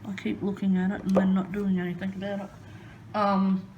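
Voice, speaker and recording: A woman's voice: medium pitch, monotone, moderate pace, highs cut off, slight background noise. A woman chatting casually while crafting at home, rambling and hesitant with many ums. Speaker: crafting vlogger.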